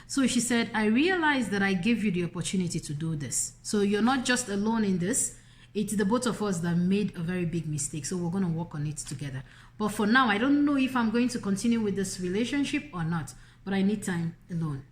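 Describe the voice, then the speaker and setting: A woman's voice: mid-range voice, animated, a little fast. A woman vlogger retelling a friend's marriage story to camera in a moralizing, emphatic way, often repeating her phrases.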